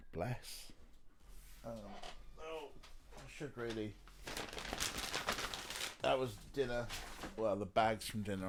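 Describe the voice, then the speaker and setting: A man with a stuffy, snotty nose, chatting casually on a live stream, teasing and cooing at his pet between remarks to his chat. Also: medium pitch.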